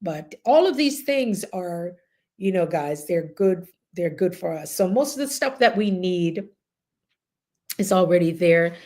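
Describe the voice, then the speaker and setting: A middle-aged woman with a Jamaican accent hosts a casual group chat, her fairly low voice at a measured pace. She tells stories in an animated, chatty way, laughing as she goes.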